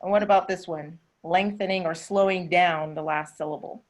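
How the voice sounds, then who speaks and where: A woman with a Southern American accent teaches an online English class, explaining patiently and stretching her words. Her voice sits a little low. She comes through a video call. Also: fairly even intonation, moderate pace. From southern United States.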